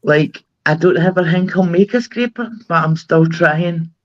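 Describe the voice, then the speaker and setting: A man's voice: on the high side, measured pace, muffled recording. A man who is a guest on a casual panel chat, reminiscing and exclaiming animatedly.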